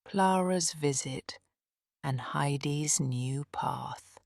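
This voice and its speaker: Slow soft-spoken gravelly woman narrator. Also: low voice, no room sound, clean studio sound. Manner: slow, soft, often whispered. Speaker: audiobook narrator. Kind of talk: scripted storybook narration.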